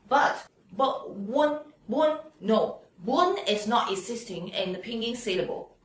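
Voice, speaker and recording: A woman's voice: fairly high pitch, expressive. A woman teaching a pinyin lesson, drawing out each sound patiently for students to repeat. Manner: patient, drawn-out demonstration of sounds. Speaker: Chinese language teacher. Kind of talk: slow pinyin lesson with drills. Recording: very echoey room, voice from off mic.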